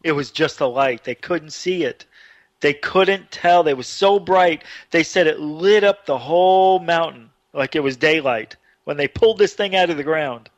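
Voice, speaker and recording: A man telling a long personal story on a talk show, getting animated and louder as it builds. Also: fairly high pitch, moderate pace, hardly any pauses, dry recording. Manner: animated, excited retelling with rising voice. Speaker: radio show guest. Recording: dull dry online radio audio.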